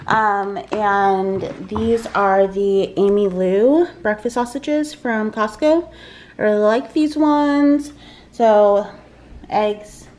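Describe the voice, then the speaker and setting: A woman's voice: mid-range voice, a little mellow. A woman talking casually through her cooking in a home kitchen vlog, with frequent ums, over a faint kitchen fan. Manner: chatty, explains as she cooks, frequent ums. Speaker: vlogger. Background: kitchen fan and frying noise.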